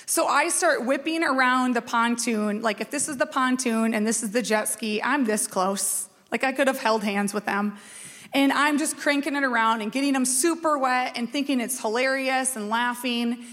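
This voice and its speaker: A woman in her forties from Minnesota, a pastor telling a personal story in a lively, chatty, self-mocking sermon. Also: on the high side, moderate pace. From Minnesota, USA. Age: 40s. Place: church sanctuary. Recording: long reverb of a church hall.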